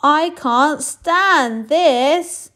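A woman voicing a tired, fed-up male father bear for a storybook, groaning her complaints slowly and drawn out. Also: high voice, fairly bright tone, voice pushed up, heavily acted. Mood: exasperated. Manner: slow, drawn-out exasperated groans.

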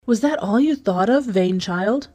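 A woman's voice: mid-range voice, a little fast, a little mellow, slightly rough, soft background music, lightly acted. A woman reading the lines of a stern, proud old king in a storybook, commanding in tone. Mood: angry.

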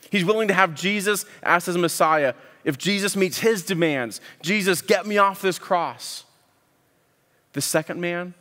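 A man preaching a sermon, earnest and deliberate, often repeating words as he builds a point. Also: a little high, a bit bright, in a large hall. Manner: earnest, with frequent word repeats and pauses. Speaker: pastor.

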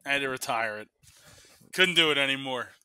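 Man, podcast host, very bright voice, crisp tone, casual betting talk, dry close sound. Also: medium pitch, no room sound. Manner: leads the segment, quick and joking. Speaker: podcast host running the picks. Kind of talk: casual sports betting chat.

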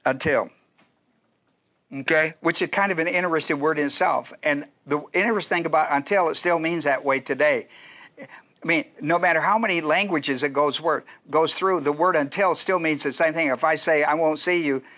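A man in middle age teaches scripture to a class in a loose, talky lecture, circling back and checking in with his listeners. His voice sits a bit high for a man and has a bright, forward edge. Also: a little fast. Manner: conversational teaching with asides and restarts. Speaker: pastor. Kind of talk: Bible study lecture.

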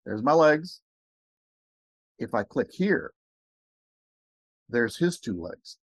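An eager man narrating a screen recording, talking quickly and rambling as he clicks through pages. His voice sits at an ordinary pitch and the sound is close and dry, with no room echo. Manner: excited, rambling, talks fast. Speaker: network marketing recruiter. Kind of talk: screen-share walkthrough.

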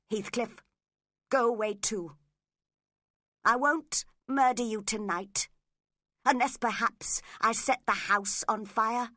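A woman voicing an aggressive, violent young father who threatens and shouts in a dry, close storybook reading. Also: very high-pitched, no room sound, full character voice. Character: violent drunken young father, cruel and unstable.

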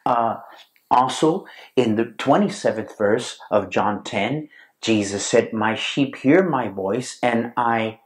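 A male pastor giving a sermon in a deliberate, halting way with many fillers, stressing key words and quoting scripture. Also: medium pitch, lively intonation. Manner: slow and deliberate, with frequent fillers and repeated words; stresses key words, reads Bible verses aloud.

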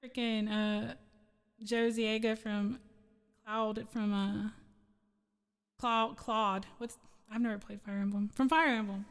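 A woman streamer chats casually with her viewers in a fairly high voice, rambling and giggling as she forgets what she meant to say. Her voice carries a long reverb tail, as if it were sent through an effect at home. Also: level tone, slow pace, long pauses, clean tone. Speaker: streamer and singer. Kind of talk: casual chat with live chat.

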